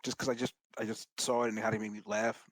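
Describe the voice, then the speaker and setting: A man's voice: fairly low pitch, level tone, no echo, rough recording. Wry man on a dry mic. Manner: wry, halting. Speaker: podcast co-host. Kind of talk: casual chat.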